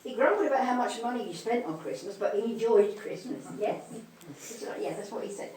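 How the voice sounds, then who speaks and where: A woman's voice: fairly high pitch, lively intonation, brisk, hardly any pauses, darkish tone. A woman giving a live mediumship demonstration, speaking tenderly and calling people darling and sweetheart. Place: spiritualist church hall. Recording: echoey hall, distant mic, faint noise.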